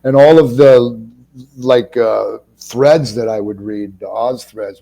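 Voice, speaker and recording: Guy from cleveland, mellow low-key tone, swears a lot, tells lively behind-the-scenes stories. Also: unhurried, rough recording. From Cleveland, USA. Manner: profane, animated anecdotes. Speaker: actor guest. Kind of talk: casual interview storytelling.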